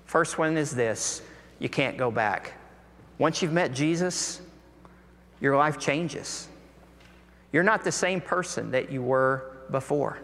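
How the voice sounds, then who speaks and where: A man's voice: mid-range voice, takes it slowly, pauses often, a bit bright. A man preaching a sermon, earnest and full of rhetorical questions, his voice rising when he presses a point. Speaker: pastor. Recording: long hall reverb.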